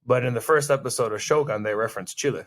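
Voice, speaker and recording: A man's voice: mid-range voice, a bit bright. A man co-hosting a casual podcast chat, joking and rambling, often cutting in on his partner. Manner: joking, rambling, quick to interrupt. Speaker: podcast co-host.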